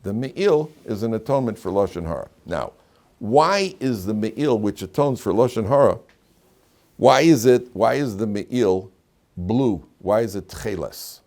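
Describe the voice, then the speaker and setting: A man's voice: on the low side, lively intonation, unhurried, darkish tone. A man, a rabbi teaching a Torah class, who tells jokes and anecdotes and often repeats his phrases. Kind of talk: classroom lecture.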